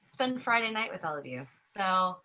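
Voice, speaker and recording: A woman on a video call, chatting in a friendly, halting way before reading a poem. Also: mid-range voice, sing-song, bright, forceful tone, slight background noise. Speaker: poetry reader. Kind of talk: casual chat before a reading. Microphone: computer mic on a video call.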